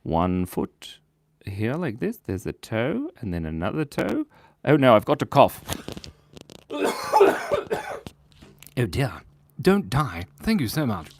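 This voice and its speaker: Lively cheerful man chatting on a live stream. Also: medium pitch, slow pace, creaky, pauses often, noisy background. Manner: cheerful, chatty, thanks viewers constantly. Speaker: host of a live drawing stream. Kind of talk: live-stream chat while drawing. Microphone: clip-on lapel mic.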